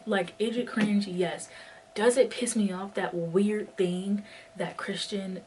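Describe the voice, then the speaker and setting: Slow and a little mellow, this woman's medium-pitched voice stays fairly even in intonation. She's in her twenties, chatting casually as she walks and vlogs, slightly breathless, rambling and saying "like" a lot among other fillers. The distant mic adds faint ambience and a little hiss or hum.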